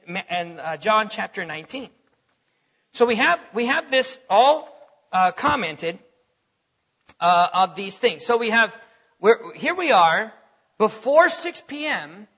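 A man teaches a sermon, his voice high and bright with a husky grain. He talks conversationally and keeps checking that his listeners follow along. The recording is dull and lo-fi. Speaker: preacher.

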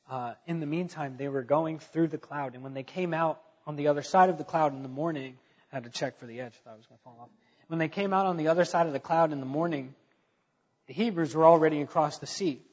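A man's voice: a little high, breathy edge, big-room sound, dull audio. A man preaching a conversational sermon, telling the story in casual talk with fillers and stressing key points.

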